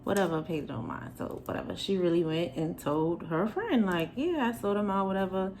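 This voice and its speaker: A young woman from New York telling a storytime to the camera, animated and sassy, acting out the quoted lines. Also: fairly low pitch, moderate pace, a little hiss or hum, low-quality recording. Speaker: vlogger. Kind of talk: storytime chat.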